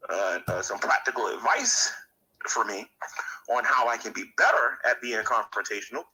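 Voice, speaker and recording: A man's voice: mid-range voice, very animated, normal speed, pushed and bright, rough recording. A man speaking bluntly and insistently to camera in a monologue.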